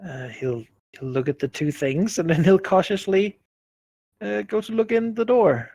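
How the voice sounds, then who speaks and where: A man's voice: sits high, moderate pace, creaky, dry recording, clean studio sound. A man playing a tabletop game, chatting casually and joking as he describes his character's actions. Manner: joking, relaxed banter. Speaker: player.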